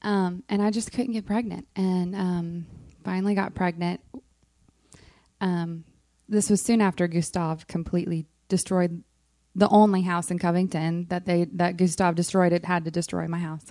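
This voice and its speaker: A woman with a warm, gravelly voice talks softly through a personal faith story, pausing on frequent ums. Her voice is close and dry, with no room sound around it. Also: fairly low pitch, little pitch movement, dry recording. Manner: soft-spoken, frequent ums, emotional. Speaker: worship leader on a moms' panel. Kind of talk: casual heartfelt testimony.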